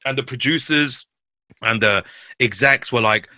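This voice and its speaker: A man in his thirties from West London with a London accent, a podcast guest telling animated, slangy stories and swearing freely. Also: medium pitch, moderate pace, no room sound. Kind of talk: casual podcast chat.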